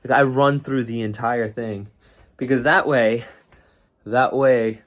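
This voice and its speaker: A man rambles casually in a self-talk vlog, joking with viewers while talking himself into being productive. His voice is medium-pitched, fairly even in intonation, and slow.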